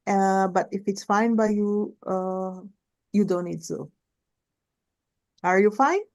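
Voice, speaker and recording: A woman's voice: mid-range voice, slow. A woman hosting a seminar, moderating a live online question session over a video call, chatty and restarting sentences. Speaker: seminar host.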